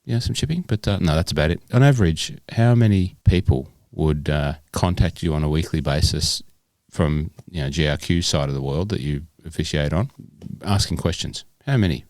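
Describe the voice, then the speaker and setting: A man's voice: rumbling low, brisk, darkish tone, no echo. Rambling Australian man hosting a podcast. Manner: rambling, chatty with many fillers. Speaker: podcast co-host. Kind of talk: casual chat.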